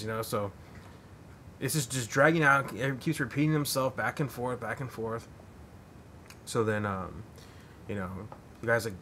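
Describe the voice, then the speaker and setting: A man's voice: lowish voice, steady tone, normal speed, pauses often, bright, forceful tone, slight background noise. A man hosting a podcast, telling a long story in a rambling, profane way full of fillers. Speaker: podcast host. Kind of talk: casual storytelling.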